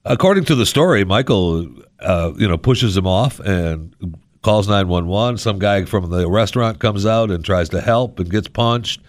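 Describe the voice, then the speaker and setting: A man with a fairly low voice holds forth as a radio talk show host. He rambles with sarcastic asides, close on a studio mic with a dry, dead sound. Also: animated, normal speed, no echo. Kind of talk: casual radio monologue. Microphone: studio microphone.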